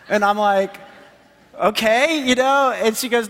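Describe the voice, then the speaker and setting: A man in his thirties preaching a sermon as pastor, animated and enthusiastic, laughing often. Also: high-pitched, moderate pace. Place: church sanctuary. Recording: long hall reverb.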